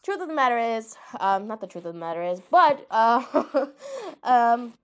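A woman's voice: on the high side, sing-song, unhurried, a little hiss or hum. Chatty woman rambling casually. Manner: chatty, self-deprecating, heavy filler words. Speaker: anime commentator.

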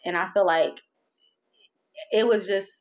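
Woman, candid faith talk, animated, acts out inner voices, slightly muffled sound. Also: mid-range voice, unhurried. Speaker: guest, merch business owner.

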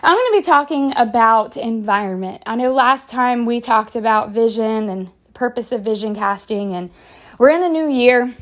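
A woman's voice: fairly high pitch, moderate pace. A young adult woman hosting a motivational podcast, speaking in an upbeat, encouraging and chatty way with many fillers. She is slightly out of breath. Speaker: podcast host.

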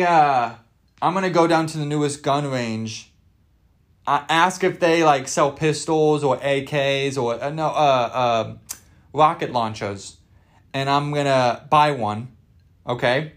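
A young man hosting a podcast, ranting in a rambling, jokey, over-the-top way and swearing freely. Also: a little high. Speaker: podcast host. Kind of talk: casual comedic rant.

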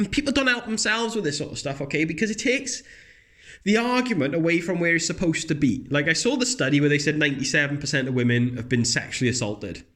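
A man talks a little fast as he rants with a blunt, profane, lively manner in casual comedic chatter. His voice rises sharply when he's mocking others.

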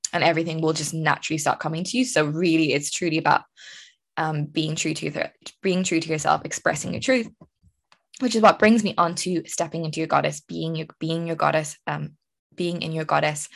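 A young Irish woman hosts a relaxed solo podcast, sharing stories in a lively, chatty manner and laughing often. Her voice sits low and has a creaky quality.

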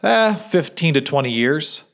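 A man's voice: fairly high pitch, very animated, unhurried, vocal fry, a bit bright, voice pushed up, heavily acted. A man reading as a pushy, self-assured businessman. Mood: pushy, smug. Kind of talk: read-aloud story.

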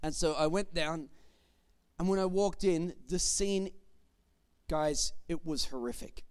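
A man's voice: on the high side, unhurried, darkish tone, clear, resonant tone. A man in his thirties preaching a sermon, telling a family story and building to emphatic declarations. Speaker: pastor.

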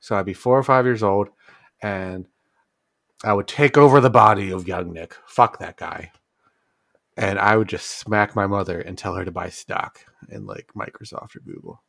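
A man's voice: on the low side, moderate pace, vocal fry, no room sound, clean studio sound. A man casually bantering on a podcast with friends, joking and swearing as he tells a story. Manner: joking, profane, animated storytelling. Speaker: podcast co-host.

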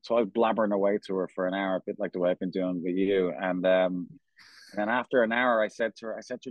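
Rambling Irish man, low and dry. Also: steady tone, dry recording, dull audio. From Ireland. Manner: rambling, halting, many restarts and fillers. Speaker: company founder, guest. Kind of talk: casual storytelling interview.

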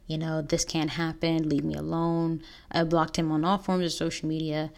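Low-voiced woman telling a personal story. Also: flat delivery, creaky. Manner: earnest, halting, pauses and restarts. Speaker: podcast host.

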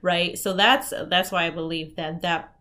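A woman in casual chat, recapping an anime plot in an animated way, full of "like" and quick laughs. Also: fairly low pitch. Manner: animated storytelling, heavy use of "like", frequent laughter.

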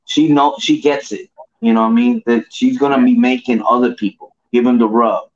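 A man co-hosting a casual wrestling chat, rambling and slangy, filling every pause with "you know what I mean.". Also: medium pitch. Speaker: podcast co-host. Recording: dull lo-fi audio.

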